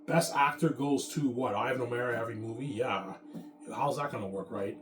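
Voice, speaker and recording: A man's voice: medium pitch, a little fast. A man talking in a rambling, boastful, profane monologue, repeating himself as he goes. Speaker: vlogger. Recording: echoey room with music playing. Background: music.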